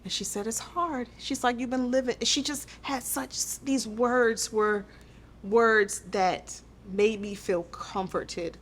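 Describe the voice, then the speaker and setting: A woman speaks as a podcast guest, telling a personal story in an earnest, intimate way. Her pitch sits in a middle range. She often circles back and repeats her own phrases. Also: fairly even intonation, slow, fairly bright tone, a little hiss or hum.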